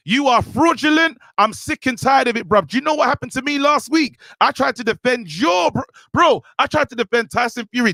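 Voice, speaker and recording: A man's voice: very high-pitched, sharp tone, no echo. A young man, a podcast co-host ranting angrily in heated chat. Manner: ranting, worked up, calls out a boxer directly. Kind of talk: heated rant.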